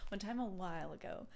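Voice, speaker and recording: A young woman talks in a loose, casual chat, her speech lilting and sing-song, often lifting at the ends of phrases as if asking a question. Her pitch sits at an ordinary middle height. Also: creaky. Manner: sing-song, rising intonation. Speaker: podcast co-host.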